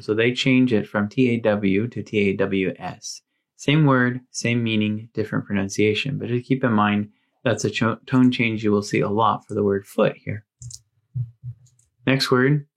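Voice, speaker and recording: A man giving a language lesson, patiently saying each word twice with careful pronunciation. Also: fairly low pitch. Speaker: language teacher.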